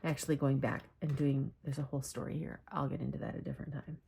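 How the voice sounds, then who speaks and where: A woman's voice: extremely low pitch, fairly even intonation, fast talker, vocal fry, warm tone, a little hiss or hum. Rambling woman holding back tears. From Michigan, USA. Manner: rambling, self-correcting, many fillers. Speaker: journaling vlogger. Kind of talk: casual personal talk.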